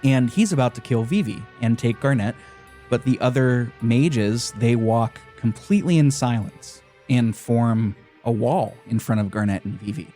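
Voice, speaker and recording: A man's voice: medium pitch, moderate pace, soft background music. Man hosting a casual game podcast. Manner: animated retelling, frequent "uh" fillers. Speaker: podcast host. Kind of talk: casual chat.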